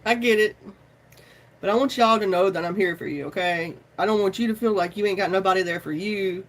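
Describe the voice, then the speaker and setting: A live-stream tarot host in loose, casual chat. The talk rambles, swears freely and keeps calling out to viewers with y'all. The pitch sits in the middle. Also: a little fast, a bit bright. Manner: chatty and informal, says y'all often.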